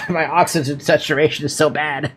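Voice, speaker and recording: A man's voice: fairly high pitch, level tone, normal speed, fairly bright tone, slight background noise. A young man streaming a game from home, chatting casually with playful, giggly, melodramatic complaints.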